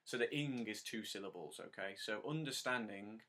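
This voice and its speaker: With a lowish voice and lively intonation, this harmonica teacher works through the lesson step by step. He counts in, sings lines slowly, and offers patient, encouraging praise to the learner.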